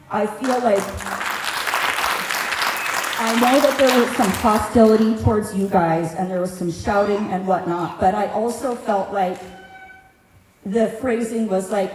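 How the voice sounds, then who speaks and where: A woman's voice: medium pitch, noisy background. A middle-aged woman giving an earnest, heartfelt public comment at a community meeting, plain-spoken and personal. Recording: echoey meeting room, faint ambience.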